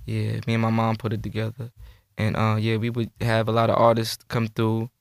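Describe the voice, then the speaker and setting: Low-voiced laid-back New rapper. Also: male voice, fairly quick, gravelly, smooth, no room sound, clean studio sound. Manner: relaxed, laid-back recounting with slang. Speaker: rapper and producer guest. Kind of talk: casual interview chat.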